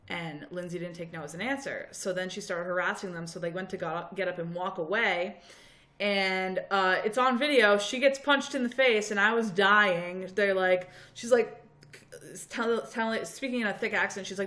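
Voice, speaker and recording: A young woman co-hosting a podcast, chatting casually and telling a story with animated, swearing energy. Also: on the low side, normal speed. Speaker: podcast co-host. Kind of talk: casual chat.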